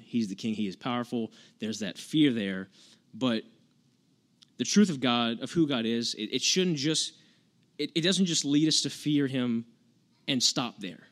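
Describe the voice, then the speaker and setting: A male preacher giving a relaxed, conversational sermon. He speaks at a middle pitch and retells old stories in modern, casual phrasing. He often restarts his sentences as he searches for words. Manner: conversational, earnest, retells scripture in everyday words. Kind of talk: informal sermon.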